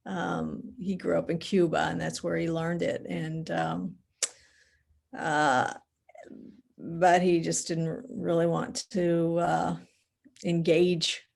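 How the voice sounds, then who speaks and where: A middle-aged woman in a discussion group, sharing thoughts slowly and hesitantly. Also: on the low side, little pitch movement, vocal fry, a little mellow.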